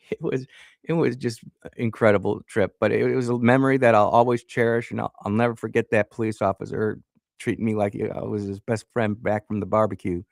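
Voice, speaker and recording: Male radio host, lowish voice, dry studio sound, rambling storyteller. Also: steady tone, fairly quick, vocal fry, no echo. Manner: rambling, self-correcting, laughs at himself.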